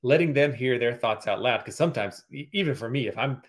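A man's voice: mid-range voice, fairly quick. A man who is a graphic designer, answering interview questions and acting out client exchanges as he explains. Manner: explains steadily, acts out client dialogue.

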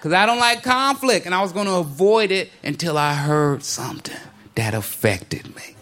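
A man doing a stand-up comedy set in a club, telling a story animatedly and acting out the people in it. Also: moderate pace. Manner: animated storytelling, acting out characters, swinging pitch. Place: comedy club stage with a laughing audience. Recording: live club recording with crowd laughter and noise.

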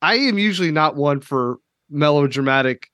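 A podcast host from Kentucky in casual chat, animated and emotional, swearing casually. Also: male voice, a little high, moderate pace, no room sound, studio quality.

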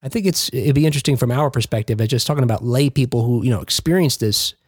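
A man's voice: medium pitch, quick pace, a little mellow, slightly rough, dry recording, studio quality. A man in his forties hosting a podcast, chatting casually and joking with his co-hosts, with laughter breaking in often. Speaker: podcast host. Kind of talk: casual chat.

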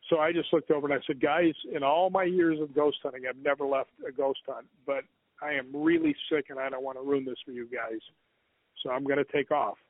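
A man, a guest who hunts ghosts, tells a rambling, animated story and acts out the other people's lines. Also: on the high side, dry recording. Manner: rambling, animated retelling with quoted dialogue. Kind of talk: casual storytelling interview. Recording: tinny phone line, dry.

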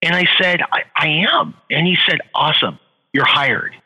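A middle-aged man tells his story with lively swings in pitch and a very bright, husky tone. He repeats phrases for effect, and his voice rings with a long, roomy reverb. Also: moderate pace. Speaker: guest, author and entrepreneur. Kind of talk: storytelling in an interview.

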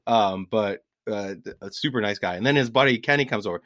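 A man in his forties, a podcast guest telling travel stories in an animated, laughing way. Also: on the low side, brisk, no echo. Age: 40s. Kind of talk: casual storytelling.

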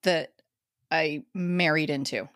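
Woman co-host, low and slow delivery, dry close sound, talking from home. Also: fairly even intonation, fairly bright tone, no room sound. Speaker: podcast co-host. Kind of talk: casual fan discussion. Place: home room with comic book cases.

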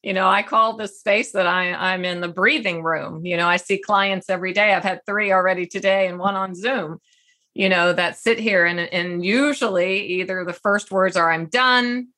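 A woman's voice: mid-range voice, steady tone, normal speed. A woman hosting a podcast who works as a counselor, affirming her guest often and then sharing her own view. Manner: warmly affirming, frequent short agreements. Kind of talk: podcast interview conversation.

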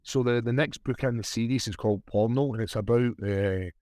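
Scottish male co-host, casual and sweary, mid pitch, dry recording. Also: brisk, darkish tone, no room sound. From Scotland. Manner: chatty, casual, swears often. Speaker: podcast co-host. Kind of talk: casual chat.

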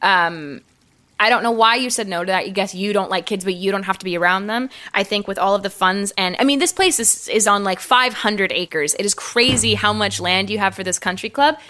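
A woman's voice: mid-range voice, fairly quick, pushed and bright, close to an everyday voice. A woman playing a flustered young assistant. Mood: exasperated. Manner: hesitant, awkward, many restarts, giggly. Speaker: podcast host. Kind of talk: improvised comedy sketch.

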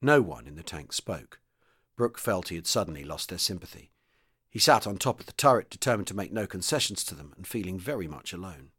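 A man reading a novel aloud in a steady, measured narrating voice. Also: low voice, husky. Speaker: reader. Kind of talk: audiobook-style novel reading.

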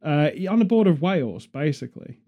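A man's voice: fairly high pitch, very animated, a little fast, narrow, tinny audio. A man chatting casually outdoors in a field, rambling off on jokey tangents. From England. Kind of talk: casual chat.

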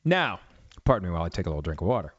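A man's voice: sits low, big pitch swings, racing, a bit bright, dry recording, highs cut off. A man hosting a solo sports talk show in a studio, arguing with sarcasm and pointed rhetorical questions. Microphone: studio mic with cough button.

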